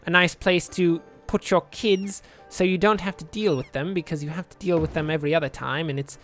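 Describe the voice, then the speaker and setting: A man with a fairly high voice talks his way through a city-building game in an easy, offhand manner. He rambles from one joke to the next, dry and self-mocking, and spins out absurd tangents. Faint music plays behind him. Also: fairly even intonation, a little fast, fairly bright tone. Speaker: let's play commentator. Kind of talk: casual gameplay commentary.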